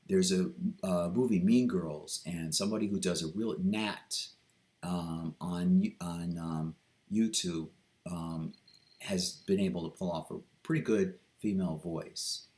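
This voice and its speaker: A man talking through a reflective personal vlog, hesitant and earnest, with many pauses, ums and restarts. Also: low voice, fairly even intonation, a little mellow. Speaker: vlogger.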